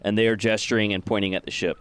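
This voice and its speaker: A man narrating as game master in a tabletop game, with halting delivery full of filler sounds. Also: lowish voice, level tone, fairly bright tone, clear, resonant tone.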